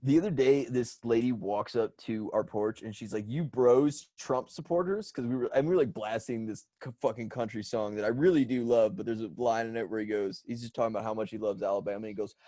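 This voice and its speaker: A man's voice: lowish voice, fairly even intonation, quick pace, hardly any pauses, dark tone, dry recording. A man co-hosting a podcast who tells anecdotes casually and acts out the quotes. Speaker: podcast co-host. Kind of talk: casual chat, storytelling.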